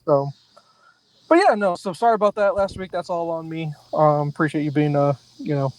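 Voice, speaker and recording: Chatty middle-aged man, slightly high voice. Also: moderate pace, rough recording. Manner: chatty, laughs often, fillers. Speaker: podcast co-host. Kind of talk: casual chat.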